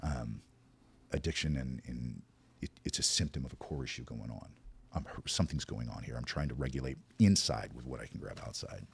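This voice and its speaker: A man as a podcast guest, telling his recovery story in a candid, self-deprecating, animated way. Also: extremely low pitch, brisk, creaky, slight background noise.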